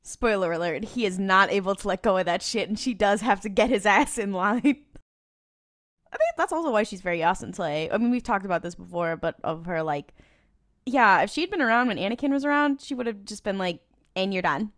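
A woman's voice: mid-range voice, lively intonation, brisk, fairly bright tone. A woman co-hosting a casual fan discussion podcast, teasing and playful. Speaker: podcast co-host.

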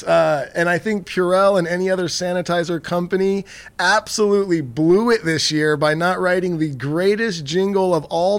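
Chill guy hosting a podcast, kinda high voice, rambles on and on. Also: moderate pace. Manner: laid-back, rambling storyteller. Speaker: podcast host. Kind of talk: casual podcast chat.

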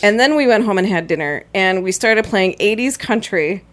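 A woman co-hosting a casual chat, telling an animated story and laughing often. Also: mid-range voice, normal speed. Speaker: podcast co-host.

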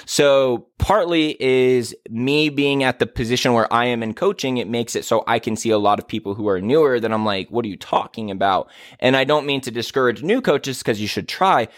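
A man's voice: mid-range voice, moderate pace, hardly any pauses, no echo, clean studio sound. A man who works as a business coach talks in an edited podcast monologue, candid and exasperated, acting out quoted remarks as he goes.

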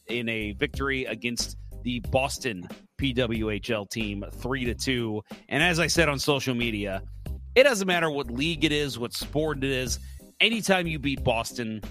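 A man's voice: medium pitch, bright, forceful tone. A middle-aged American man hosting a sports podcast, chatting casually and rambling through stories with lots of fillers. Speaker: podcast host.

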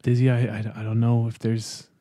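A man's voice: medium pitch, completely flat delivery, brisk, dark tone, no room sound, studio quality, natural voice. A man voicing an earnest male lizard-man test subject in a tabletop role-play, speaking hesitantly and stammering.

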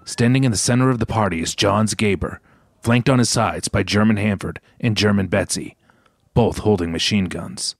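A man narrating a comedy audio play in a deadpan way. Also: on the low side, moderate pace, vocal fry, dry recording, clean studio sound.

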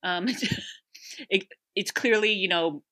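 A woman's voice: medium pitch, slow. A woman chatting casually about a film she loves, rambling with lots of fillers and frequent laughter. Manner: rambling, animated, laughs often, many fillers. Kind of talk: casual chat, movie recommendation.

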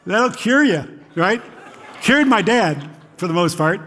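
A man's voice: sits high, lively intonation, takes it slowly, bright, forceful tone. A middle-aged man preaching a conversational sermon, often checking in with the listeners as he goes. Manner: conversational, frequently checks in with "right?". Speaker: pastor.

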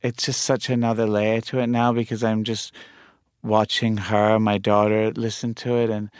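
A man's voice: on the low side, level tone, moderate pace, a little mellow, smooth, no room sound, clean studio sound. A man with a mixed English and New York accent, a music producer talking casually as a guest and rambling with lots of "like" fillers. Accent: mix of English and New York. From England. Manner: rambling, heavy use of "like" fillers. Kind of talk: casual conversation.

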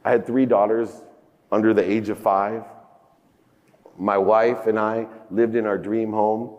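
A man in his fifties giving a motivational keynote speech on a conference stage, telling a personal story with big emotional swings in pitch and loudness. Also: little pitch movement, unhurried. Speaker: keynote speaker. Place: large conference hall stage. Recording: echoey conference hall.

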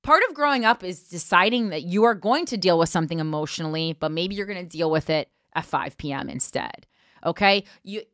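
A woman's voice: fairly low pitch, animated, fairly quick, a bit bright, no room sound. A woman podcast host reading a news article aloud and breaking off for blunt, profane asides, on a close mic. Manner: blunt, profane asides between read passages.

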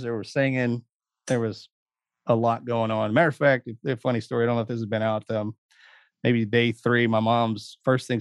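A man's voice: medium pitch, dry recording. Man, guest, folksy storyteller, close and dry. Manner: folksy, laughing asides. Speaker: guest, Navy SEAL veteran. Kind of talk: casual storytelling.

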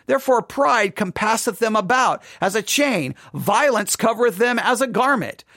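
In a clean, dry studio recording with no room sound, a man with a high, bright voice speaks animatedly and forcefully at a moderate pace. He's running a devotional Bible study, reading passages aloud and explaining them casually. Now and then he acts out the voices of the proud and the doubter.

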